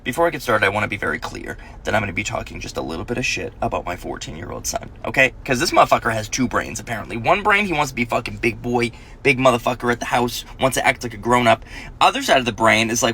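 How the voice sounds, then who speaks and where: Telling comic stories about his kids, a thirtysomething dad rants, curses a lot, and does their voices. He talks fast in a pushed, bright, medium-pitched voice with a breathy edge and big pitch swings.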